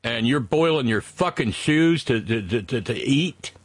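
A man's voice: medium pitch, lively intonation, measured pace, dry recording. A man from West Virginia co-hosting a casual political chat show, profane and rambling, reading listener messages aloud. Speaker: podcast co-host.

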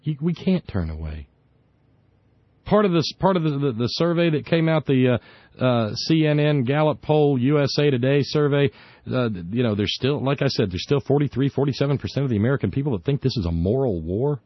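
Halting opinionated radio host man. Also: medium pitch, lively intonation, no echo. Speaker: radio talk show host. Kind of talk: casual call-in radio talk. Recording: dry, slightly dull studio radio.

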